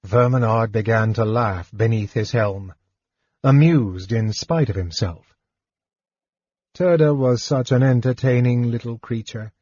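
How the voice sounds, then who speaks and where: A man narrating an audiobook in an even, measured reading. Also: medium pitch, husky, no echo. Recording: dull, dry lo-fi recording.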